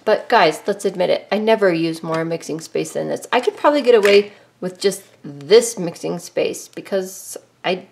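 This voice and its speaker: A woman's voice: lowish voice, moderate pace, creaky. A middle-aged woman hosting a casual, chatty art tutorial from her home studio. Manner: chatty, upbeat, shows things to camera. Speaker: art channel host. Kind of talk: casual craft tutorial vlog.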